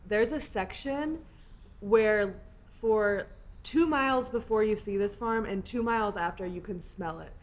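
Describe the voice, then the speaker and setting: A young woman with a Southern American accent hosts a casual podcast chat, talking in quick animated bursts and laughing a lot. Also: medium pitch. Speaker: podcast host.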